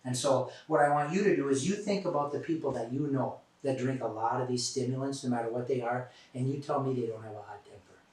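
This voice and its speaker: Fast-talking man lecturing in an echoey hall. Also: medium pitch. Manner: animated anecdotes, acts out quoted people, bursts loud when heated. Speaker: substance use prevention presenter. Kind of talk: storytelling lecture to a room. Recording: very echoey room, voice from far off the mic.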